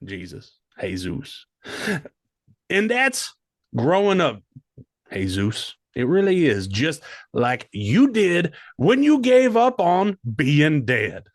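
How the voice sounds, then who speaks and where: A man's voice: on the high side, slow pace, dry recording, clean studio sound. A man co-hosting a comedy podcast, joking and swearing in casual chat. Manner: animated, profane, joking. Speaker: podcast co-host.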